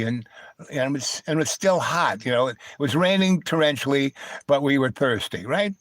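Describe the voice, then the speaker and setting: A man's voice: medium pitch, moderate pace, a bit bright, no room sound, studio quality. A man hosting a live stream, telling a meandering personal story full of asides and digressions.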